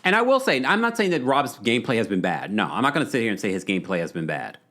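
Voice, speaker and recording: A man's voice: mid-range voice, very animated, fast, a bit bright. A man hosting a livestream, chatting casually, bluntly ranting and reading viewer comments aloud. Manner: blunt, exasperated rants. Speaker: podcast host.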